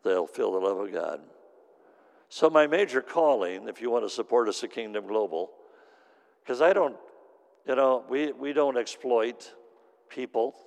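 Man, minister, sermon storytelling, gravelly, long reverberant hall. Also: medium pitch, animated, normal speed, long pauses. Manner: earnest, repetitive emphasis.

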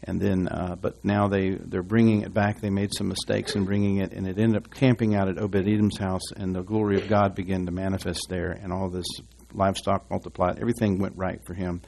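A man with a lowish voice preaches to his congregation in a relaxed, folksy way. He wanders off into asides and restarts, then reads scripture aloud. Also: fairly quick, creaky, few pauses, a little hiss or hum. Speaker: pastor. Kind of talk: sermon. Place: church.

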